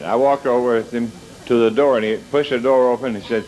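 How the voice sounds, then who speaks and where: A comedian tells comic stories on stage in a medium-pitched, darkish voice with fairly even intonation. The audio is poor, and his delivery is halting, full of stammers and restarts.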